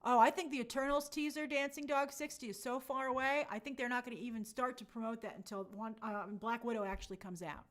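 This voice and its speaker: A woman's voice: a little high, steady tone, fast, few pauses. A woman hosting a casual live stream, reading viewer comments aloud and reacting in an upbeat, chatty way. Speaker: livestream host reading chat.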